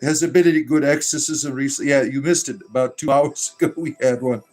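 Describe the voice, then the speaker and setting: A man's voice: mid-range voice, fairly even intonation, fast talker, darkish tone, faint music behind. A man hosting a casual livestream, reading chat messages aloud in a joking, irreverent way and laughing often.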